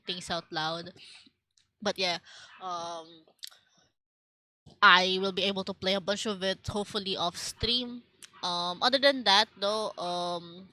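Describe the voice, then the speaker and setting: A woman's voice: medium pitch, pushed and bright, rough recording. A young Filipino woman streamer with a Filipino accent, chatting casually and rambling with lots of fillers and restarts. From Philippines.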